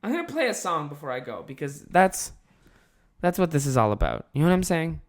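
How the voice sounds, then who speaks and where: A young man hosting his podcast solo, telling a childhood story with lively swearing and acted-out quotes. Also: on the high side, brisk. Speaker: podcast host and comedian.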